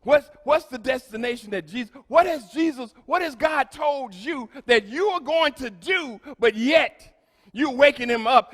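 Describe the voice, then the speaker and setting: A man preaching a sermon to his congregation as pastor, swinging between shouted lines and quiet, low asides. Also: lively intonation, a little slow, big-room sound.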